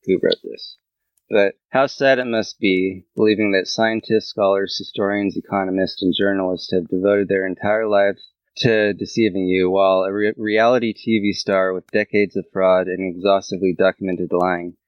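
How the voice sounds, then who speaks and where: A man co-hosting a podcast, making dry, measured remarks in casual chat. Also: low voice, flat delivery, dry recording, muffled recording. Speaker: podcast co-host.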